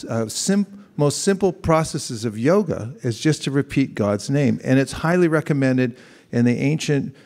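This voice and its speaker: A man's voice: medium pitch, expressive, a little slow, darkish tone. Conversational man preaching to a live audience. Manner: conversational, asks the audience questions and acts out examples. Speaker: monk giving a spiritual talk.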